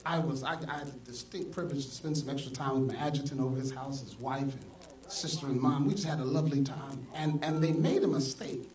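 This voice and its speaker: A male pastor preaching a sermon, swinging from soft asides to loud exclamations. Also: mid-range voice, quick pace, distant mic. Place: church sanctuary. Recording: echoey church hall, mic from afar, congregation audible. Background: congregation.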